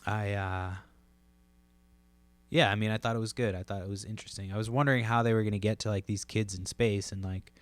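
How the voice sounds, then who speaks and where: A man's voice: fairly low pitch, steady tone, brisk, dry recording. A man hosting a podcast alone, rambling casually with lots of fillers, restarts and swearing. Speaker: podcast host.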